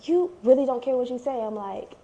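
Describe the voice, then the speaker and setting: A woman's voice: a little high, brisk, mellow, dull audio. A woman co-hosting a casual podcast chat, mostly giving short supportive replies and asking caring questions. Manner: supportive listener, frequent short affirmations.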